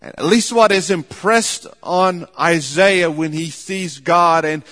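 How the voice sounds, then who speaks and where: A man preaching a sermon in a measured, emphatic way, often repeating words for stress. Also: on the high side, bright, forceful tone. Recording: long hall reverb.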